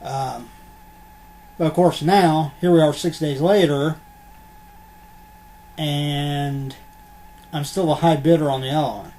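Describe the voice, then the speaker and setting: A man's voice: a little high, steady tone, takes it slowly, long pauses, warm tone. A man chatting in a rambling, casual way as he unboxes collectibles, with lots of ums and the odd curse word. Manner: rambling, filler-heavy, mildly profane. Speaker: unboxing vlogger. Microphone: computer webcam.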